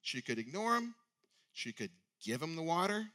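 A man's voice: on the high side, sing-song, moderate pace, bright, forceful tone, slight background noise. A male preacher giving a sermon in a conversational way, often asking rhetorical questions.

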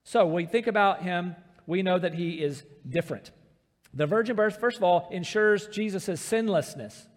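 A man's voice: high-pitched, moderate pace. A man preaching a sermon as pastor, earnest and emphatic, often repeating words as he presses a point. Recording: long reverb in a large hall.

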